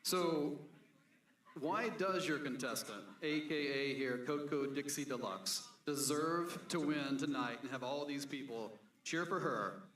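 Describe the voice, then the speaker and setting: Man pageant co-host, bright and a little high, wry jokes, echoey room, off-mic. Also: a little slow, distant mic. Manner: joking, wry. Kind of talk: emceeing a drag pageant on stage. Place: bar or club stage with a crowd.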